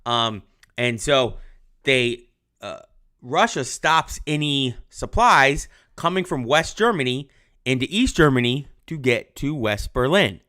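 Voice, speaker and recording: A man's voice: medium pitch, animated, takes it slowly, bright, forceful tone. A young adult male history teacher giving a casual livestreamed lesson, chatty with lots of ums, answering viewer comments. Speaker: high school history teacher.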